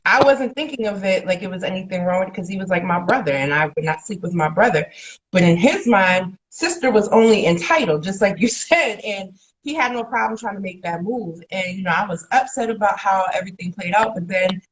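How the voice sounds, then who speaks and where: A woman's voice: medium pitch, animated, fairly quick, rough recording. Candid woman chatting, laughing along. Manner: candid, laughs as she talks, quotes others in big voices. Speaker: podcast co-host. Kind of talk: casual chat.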